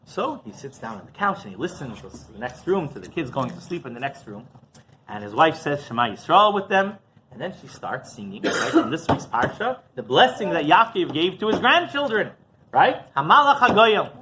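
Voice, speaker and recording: Man, rabbi, informal Torah talk, storytelling, faint background hiss, fairly high voice. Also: sing-song, normal speed, bright, forceful tone. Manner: conversational storytelling, frequent "right?" and "you know"; acts out quoted voices with big pitch jumps.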